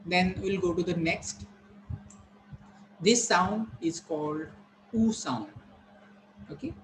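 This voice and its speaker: Slow, careful teacher. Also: male voice, high voice, a little mellow, a little hiss or hum, rough recording. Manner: slow, repetitive, modelling each word carefully. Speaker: English pronunciation teacher. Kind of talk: classroom lesson on vowel sounds.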